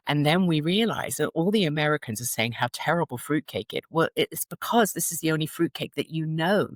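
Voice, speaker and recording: A woman's voice: rumbling low, no room sound. A British-accented woman in her sixties tells stories in a chatty interview, her voice swooping up and down with lots of expression. She laughs often as she talks. The sound is close and dry. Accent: British English. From England. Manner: animated storytelling, laughs often. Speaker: guest. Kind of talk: casual interview chat.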